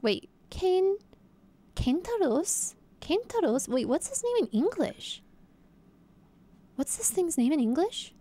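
A woman's voice: extremely high pitch, very animated, slow, long pauses, warm tone. A young woman streamer chatting casually and playfully, guessing aloud and talking to her viewers. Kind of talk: casual live-stream chat.

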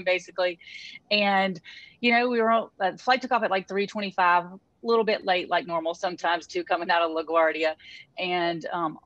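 Woman, low voice, dry close sound, conversational storytelling, interview guest, muffled. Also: dry recording. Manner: animated, acts out quoted voices.

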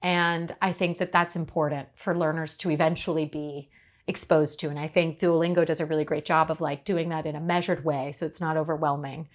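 A woman from Uruguay, a podcast host speaking lively on a panel and quick to laugh. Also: low voice. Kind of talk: panel discussion.

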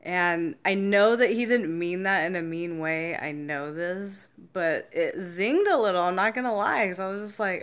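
A woman's voice: fairly low pitch, normal speed, fairly bright tone. A young adult woman vlogging candidly about feelings, swearing freely and acting out what people said to her. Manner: frank, swears freely, acts out quoted reactions. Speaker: self-help vlogger. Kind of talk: casual candid monologue.

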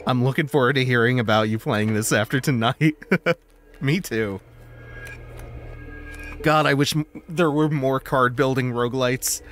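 A man talks through a video game at a relaxed, slow pace, in a voice neither high nor low. He thinks aloud, curses now and then and laughs easily. Soft game music plays faintly behind him. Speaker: streamer. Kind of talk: casual let's-play commentary.

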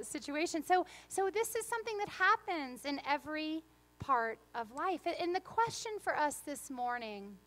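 A woman pastor gives a sermon in a church sanctuary, shifting between earnest reflection and playful, humorous storytelling. Her voice is high-pitched and a bit bright.

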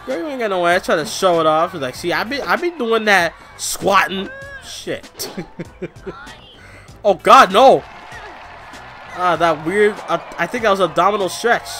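A young man commentating a wrestling video game, loud, excitable and crude, trash-talking the opponent. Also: high voice, a little slow, long pauses, faint music behind. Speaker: gameplay commentator. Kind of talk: let's play commentary.

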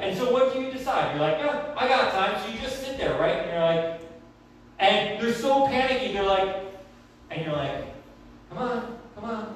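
A young man preaching a sermon in a church, telling stories in a conversational, animated way. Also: high-pitched, a little hiss or hum. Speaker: pastor. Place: church sanctuary. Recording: very echoey, from far off.

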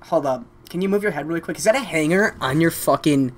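A man's voice: a little high, expressive, quick pace. A man hosting casual video chats with strangers, talking in a brash, crude, mock-rude trolling way. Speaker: video chat prankster host.

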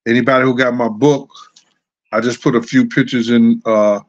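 A man's voice: mid-range voice, fairly even intonation, moderate pace. Middle-aged male host spinning loose anecdotes off the cuff, chuckling, mid-range voice, slightly dull line. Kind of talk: casual storytelling.

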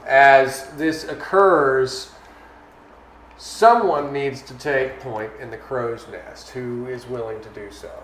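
A man narrating a tabletop game as its game master, describing scenes at a measured pace and calling for rolls. His voice sits at an ordinary middle pitch. The recording is echoey, with a faint hiss underneath. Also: fairly bright tone. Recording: echoey room, faint noise.

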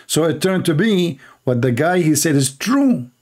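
A man hosting a live stream, mocking and sarcastic, in broken English. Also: a little high. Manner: sarcastic, mocking, non-native English grammar. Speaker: debate stream host.

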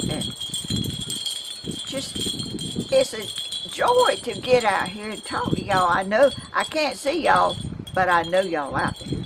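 An older woman from Georgia with a Southern accent, chatting casually and rambling in a folksy way outdoors in her yard. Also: mid-range voice. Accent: Southern American. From Georgia, USA. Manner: rambling, folksy, chuckling asides. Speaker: vlogger. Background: wind chimes and outdoor ambience.

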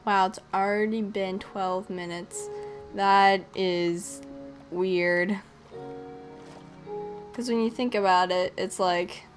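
Slow-talking playful young woman gamer. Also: medium pitch, fairly even intonation, faint music behind. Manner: chatty and playful, talking to animals. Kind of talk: casual game commentary.

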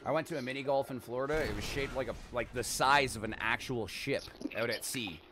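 A man's voice: mid-range voice, brisk, background noise. A Canadian man chatting casually and profanely with strangers while gaming. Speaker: streamer.

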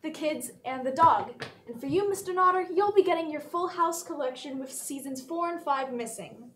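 A woman's voice: high-pitched, moderate pace, fairly bright tone. A teenage woman in a school comedy sketch, announcing in a mock-formal manner. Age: teens. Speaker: student actor. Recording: echoey room, faint noise.

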